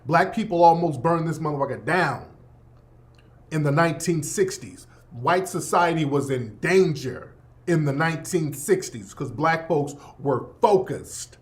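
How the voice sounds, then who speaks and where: A man's voice: a little high, expressive, measured pace. A man hosting a radio show, delivering a blunt, profane, emphatic opinion monologue. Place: Los Angeles.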